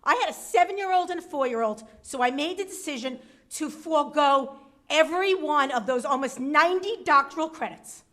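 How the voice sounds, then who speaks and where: A woman's voice: high-pitched, lively intonation, brisk, a bit bright. A middle-aged woman, an acting school superintendent, speaking defiantly and emphatically at a public board meeting.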